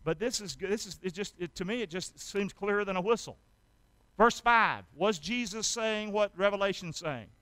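High bright-voiced preacher, emphatic. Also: male voice, moderate pace, no echo. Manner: emphatic, asks the congregation questions and answers them himself; reads scripture aloud dramatically. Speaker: pastor. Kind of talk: sermon.

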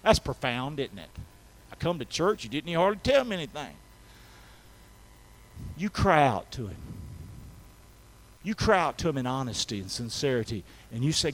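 Man, high-pitched, pastor preaching, folksy, call-and-response, soft to shouting. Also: sing-song, moderate pace, long pauses, rough recording. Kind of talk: sermon. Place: church sanctuary.

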